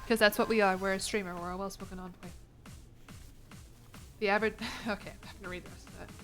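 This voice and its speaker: A woman's voice: mid-range voice, steady tone, fast, fairly bright tone, soft background music. A young American woman streaming a game, chatting casually with her viewers in a playful, rambling way. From United States. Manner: rambling, playful, laughs between lines.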